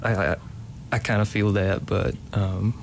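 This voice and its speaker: A man in his late twenties from Kentucky, talking casually as a playwright guest. His voice sits low, and he keeps pausing and restarting his sentences. Faint noise runs in the background. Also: little pitch movement, creaky. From Kentucky, USA. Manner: hesitant, many ums and restarts. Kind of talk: casual interview.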